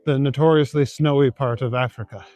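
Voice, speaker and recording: A young man talks easily to his chat as he strolls outdoors at night, full of "like" and little laughs. His voice sits at an ordinary middle pitch. The sound is dry and close, with a bit of faint music underneath. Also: steady tone, a little fast, a little mellow, dry recording. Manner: laid-back, chuckling, rambling with many fillers. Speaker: livestreaming vlogger. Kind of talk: casual chat, reading and answering viewer comments. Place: city streets at night, outdoors.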